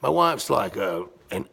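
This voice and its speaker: A man in his fifties rambles through crude, boastful stories as he shows off his home gym. His voice sits low and rough, with a gravelly fry and a husky grain. He jumps from loud outbursts to near-mutters. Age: 50s. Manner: crude, boastful storytelling with swings between loud bursts and mutters. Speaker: vlogger. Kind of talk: casual vlog monologue.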